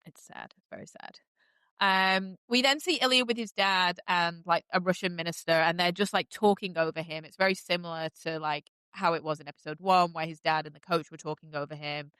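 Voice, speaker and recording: Podcast host, woman, bright clear voice, casual rambling recap, dry close mic. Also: lowish voice, brisk, few pauses, no room sound. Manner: chatty, many fillers, animated gushing.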